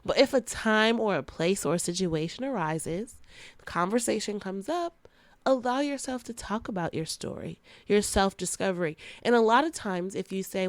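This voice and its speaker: A woman's voice: mid-range voice, normal speed, no echo. A young woman hosting a podcast, talking casually and frankly, with slang and frequent laughs. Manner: animated, plays out quoted friends in sassy voices. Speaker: podcast host.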